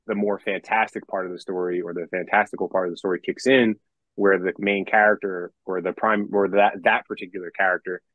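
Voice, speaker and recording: Young man, low voice, rambling casual podcast talk, swears, dry close sound. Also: little pitch movement, brisk, dry recording, phone-quality sound. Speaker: metal musician and songwriter.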